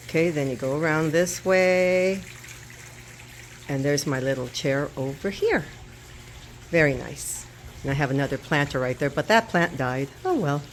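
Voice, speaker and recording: A woman's voice: deep voice, slight background noise. Chatty woman with lots of "uh" fillers. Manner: chatty, rambling with many "uh" fillers. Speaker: cooking vlogger hosting a house tour. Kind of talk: casual vlog chat. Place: her home courtyard, outdoors. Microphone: camera held by her nephew.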